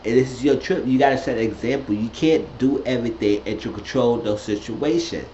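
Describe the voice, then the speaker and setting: A man chats through a reality show recap in a loose, profane, animated way, sometimes leaping into shrill voices to quote people. The sound is roomy and dull, with a faint hiss underneath. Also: a little fast. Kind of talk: casual recap chat.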